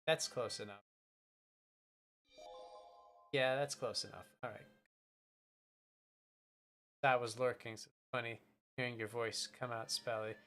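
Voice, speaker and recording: A man's voice: medium pitch, fairly even intonation, moderate pace, pauses often, a bit bright, soft background music. A man streaming, chatting casually and telling a rambling story with many restarts. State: voice changed by a bite on the throat.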